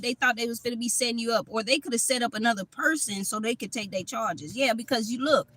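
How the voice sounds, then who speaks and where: A woman giving a live tarot reading from a park on her phone, blunt, profane and animated. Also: fairly high pitch. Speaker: tarot reader. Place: outdoors at a park.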